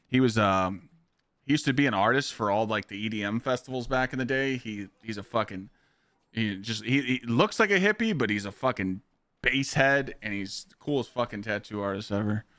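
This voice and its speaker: Streaming a game, this young man talks in a lowish, animated voice at an ordinary pace, slightly bright and free of room sound. His chatter is rambling and profane, and he reads out the chat to answer viewer questions.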